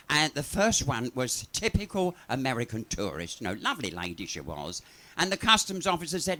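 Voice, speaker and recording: Bawdy comedian, lively and bright. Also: male voice, mid-range voice, brisk. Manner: bawdy, chatty, swears freely. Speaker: comedian and cabaret entertainer. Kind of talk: live stand-up storytelling. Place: pub venue, live audience.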